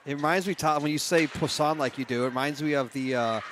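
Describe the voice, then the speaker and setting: A man's voice: a little high, fast, a bit bright, slight background noise. A man doing color commentary on a hockey broadcast, chatty and laughing through rambling asides.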